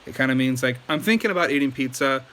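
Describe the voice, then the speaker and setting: A man's voice: medium pitch, animated, fast, pushed and bright. A man giving a casual video lesson, loose and chatty with many ums and likes. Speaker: language teacher.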